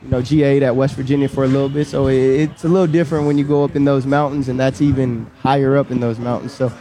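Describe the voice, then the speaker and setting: A man's voice: medium pitch, fast. A man, a guest on a live radio pregame show, talking casually and often repeating himself. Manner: relaxed, repeats words, trails off. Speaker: guest, former player and high school coach. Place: outdoors on a restaurant patio.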